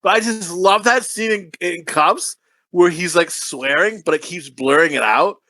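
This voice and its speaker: A high, bright male voice, talking loose and foul-mouthed in a movie chat. He laughs through his lines, with a close, dry sound and no room around it. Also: measured pace, no echo. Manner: profane, rowdy, laughs a lot. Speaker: podcast co-host. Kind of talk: casual movie review chat.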